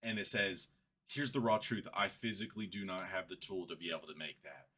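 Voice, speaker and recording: Low husky exasperated young man. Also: quick pace, pushed and bright. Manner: exasperated, recounting a chat step by step, building to laughing frustration. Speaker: vlogger. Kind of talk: casual screen-recorded rant.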